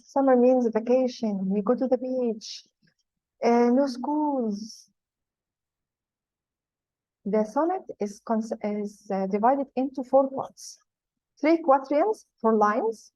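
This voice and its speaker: A woman's voice: fairly high pitch, a little mellow, dry recording. A woman teaching a poetry lesson, patiently explaining terms and repeating key points. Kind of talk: classroom lesson. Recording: dull lo-fi sound.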